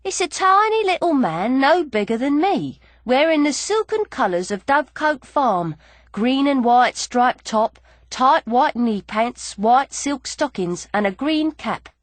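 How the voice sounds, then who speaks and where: A woman reading an audiobook aloud in the first person, her fairly high voice swinging up and down with playful energy. The sound is close and dry, with no room around it. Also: sing-song, unhurried, dry recording. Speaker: audiobook narrator.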